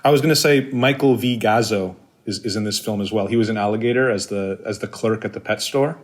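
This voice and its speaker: A man's voice: lowish voice, a little fast. A man co-hosting a film podcast, talking in a loose, filler-heavy way with casual swearing. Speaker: podcast co-host.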